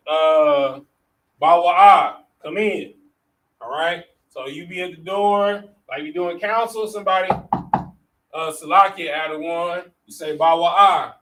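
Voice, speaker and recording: Man teaching a slow, casual scripture class. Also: sits high, a bit bright. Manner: casual, repeats "all right?" and "you know what I'm saying?". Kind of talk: religious class lecture. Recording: distant mic with faint noise.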